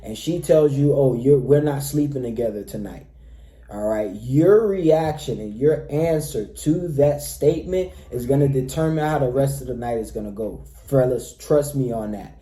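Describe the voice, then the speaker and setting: Male dating coach, very mellow voice, emphatic, roomy reverb. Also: mid-range voice, moderate pace, hardly any pauses. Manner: emphatic, repeatedly says "all right, fellas". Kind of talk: direct-to-camera advice talk.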